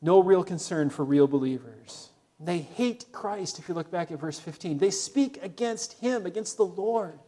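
A male pastor preaching a sermon, earnest and urging, dropping soft on solemn points. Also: high-pitched, lively intonation, moderate pace, few pauses.

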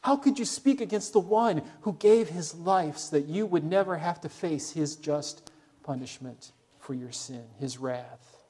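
A male preacher with a fairly high voice delivers an earnest sermon. He urges his listeners on and drops quiet and soft on solemn points. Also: lively intonation, unhurried, husky. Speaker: pastor.

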